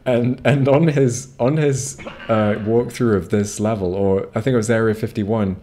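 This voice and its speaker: A man streams a game on a home microphone, rambling casually with plenty of swearing and frequent restarts. His voice sits on the low side with a dark tone, fairly even intonation, and a moderate pace.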